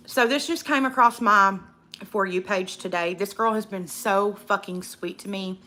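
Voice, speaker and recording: Outspoken woman ranting with a bright voice. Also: mid-range voice, unhurried, pauses often. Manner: outspoken, profane, fired-up ranting; reads viewer comments aloud. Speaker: livestream host. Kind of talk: casual livestream chat while eating.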